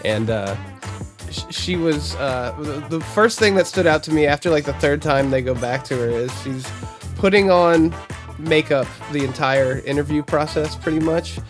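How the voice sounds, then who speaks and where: Halting, rambling man hosting a podcast. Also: a little high, soft background music. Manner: rambling, halting, many restarts. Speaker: podcast host. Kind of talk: casual podcast chat.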